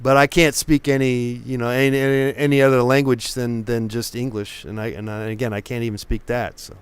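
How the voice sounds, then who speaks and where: A man's voice: mid-range voice, little pitch movement, fairly quick, clear, resonant tone, no room sound. A man from Oakland hosting a live painting stream, a few drinks in, rambling and stumbling over his words. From Oakland, California. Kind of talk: casual live-stream chat.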